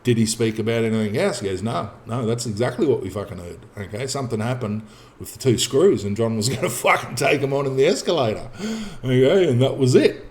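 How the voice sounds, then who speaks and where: A man's voice: mid-range voice, a little fast, a little hiss or hum. Profane man telling a story. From Australia. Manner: profane, animated, acts out dialogue in his telling. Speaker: podcast guest telling a personal story. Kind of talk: casual spoken storytelling.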